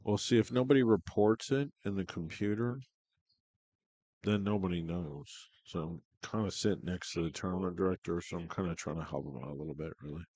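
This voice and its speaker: A man's voice: low voice, a little fast, darkish tone. A man calling a pool tournament in casual, chatty live commentary from the hall, talking through the shots. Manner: laid-back, chatty, talks shop about shots.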